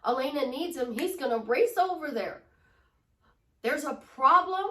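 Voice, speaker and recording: A woman's voice: high-pitched, expressive, unhurried, bright, forceful tone, distant mic. A woman from Chicago, a relationship life coach, giving an upbeat, gushing motivational vlog talk. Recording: echoey room, voice away from mic.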